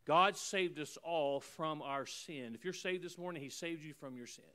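A male pastor preaching a sermon, emphatic and repetitive, swinging between loud declarations and hushed lines. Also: on the high side, normal speed, clean tone. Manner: repeats phrases in rhythmic runs.

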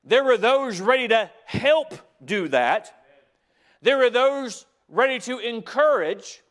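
In a church sanctuary, a high-voiced man delivers a slow, expressive sermon. He sinks into quiet, intimate asides before rising again to loud, forceful emphasis, piling up repeated phrases along the way.

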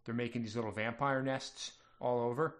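Relaxed male game master. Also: medium pitch, moderate pace. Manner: relaxed, filler-heavy explaining. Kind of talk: narrating a tabletop game.

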